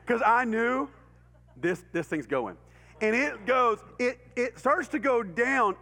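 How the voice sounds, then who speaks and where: Animated storytelling preacher with a Texan drawl. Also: male voice, very high voice. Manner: animated, acts out voices and sound effects, laughs often. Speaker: pastor. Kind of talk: storytelling sermon. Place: church hall. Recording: reverberant church hall.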